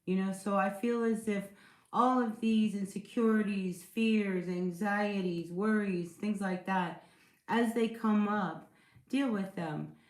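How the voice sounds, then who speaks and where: A woman's voice: medium pitch, fairly even intonation, slow, roomy sound. A woman giving a casual tarot reading to her viewers, chatty and reassuring, often checking in with "all right?" and "you know". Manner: chatty, reassuring, with many fillers and rhetorical check-ins. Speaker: tarot reader.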